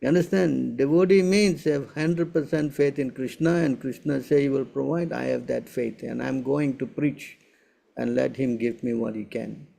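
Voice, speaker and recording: A man's voice: mid-range voice, moderate pace, vocal fry, dark tone. A man acting as spiritual teacher in a Q&A session, speaking emphatically and keeping checking his listeners follow with short tag questions.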